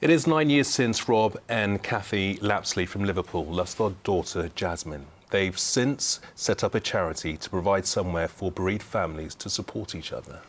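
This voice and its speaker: A man co-presenting regional TV news, reading stories in a steady, formal manner. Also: deep voice, moderate pace, few pauses.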